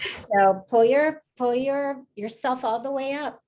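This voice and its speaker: A woman moderating a panel on a video call, speaking in a slow, soothing, reassuring way. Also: sits high, a little mellow, slight background noise. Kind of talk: calming guidance.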